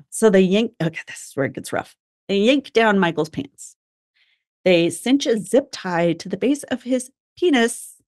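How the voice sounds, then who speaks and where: A woman's voice: medium pitch, expressive, measured pace, no echo, studio quality. A young adult woman co-hosting a podcast, recounting a true crime case casually, with frequent swearing and laughter. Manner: swears and laughs while recounting grim details. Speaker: podcast co-host.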